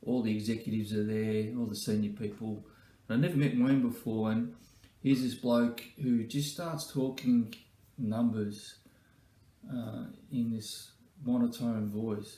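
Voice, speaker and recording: A man's voice: mid-range voice, level tone, measured pace, warm tone. A man, a former colleague, telling joking stories in a birthday tribute. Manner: joking, anecdotal, with fillers. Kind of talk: comic storytelling tribute. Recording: roomy echo.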